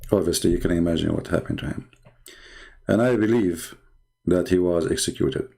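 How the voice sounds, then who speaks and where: A man's voice: low voice, moderate pace, gravelly, mellow. A man hosting a live online debate stream, sarcastic and mocking, speaking English with non-native grammar. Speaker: livestream host.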